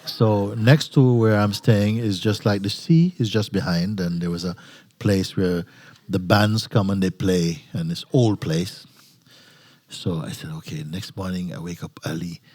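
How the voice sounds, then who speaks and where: A spiritual teacher gives an informal satsang talk at a retreat gathering, telling stories with frequent laughter and restarts in non-native phrasing. His voice is low-pitched and dark with a breathy edge, and he speaks unhurriedly.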